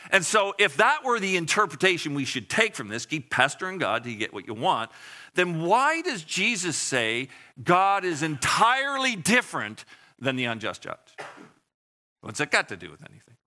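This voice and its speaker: A man's voice: a little high, big pitch swings, normal speed, bright, forceful tone. A man preaching a sermon in a conversational way, asking the congregation questions and acting out short voices. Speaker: pastor.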